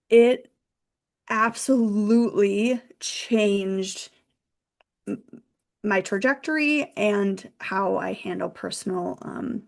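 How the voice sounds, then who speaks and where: Gravelly-voiced woman telling her story. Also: medium pitch. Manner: candid, animated storyteller with laughs. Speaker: guest, financial consultant. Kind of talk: casual storytelling interview.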